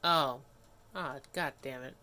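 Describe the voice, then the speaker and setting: A man's voice: medium pitch, slow pace, pushed and bright. A man streaming live and chatting casually as he works, rambling, breaking off mid-sentence and grumbling to himself. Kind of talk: casual livestream commentary.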